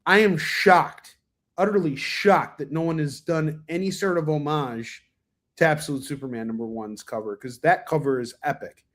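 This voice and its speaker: A man's voice: fairly high pitch, normal speed. A man hosting a casual livestream, reviewing comics in a rambling, enthusiastic way, full of fillers and restarts, with a cough now and then. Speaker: comic book reviewer, stream host.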